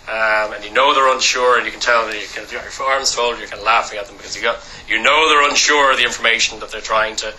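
A man giving a training lecture to a class. He talks loudly and briskly, checking in with "okay?" after nearly every point. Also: mid-range voice, slight background noise, poor audio. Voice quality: loud voice. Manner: brisk, peppers lines with "okay?".

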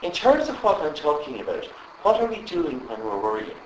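Male trainer, fairly high and very lively voice, quizzing a live group; echoey room, faint background hum. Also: brisk, distant mic. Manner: animated, asks the audience constant questions. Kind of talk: live workshop talk to a group.

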